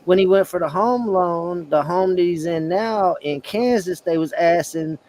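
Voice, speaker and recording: A man's voice: high voice, measured pace, darkish tone, a little hiss or hum. A man in a casual group chat, telling a story in a laid-back way and saying "bro".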